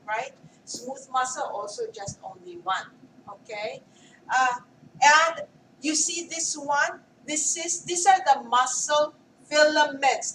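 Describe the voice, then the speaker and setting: High-voiced woman lecturing in a roomy classroom. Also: slight background noise. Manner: checks often with "okay?" and quizzes students. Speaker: anatomy lecturer. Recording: roomy classroom mic from far off.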